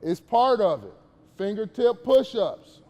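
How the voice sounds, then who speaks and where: High-voiced man in an echoey gym. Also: sing-song, unhurried, a little mellow. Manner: casual slangy preaching, asks the kids questions. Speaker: basketball camp speaker. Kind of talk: motivational talk to young players.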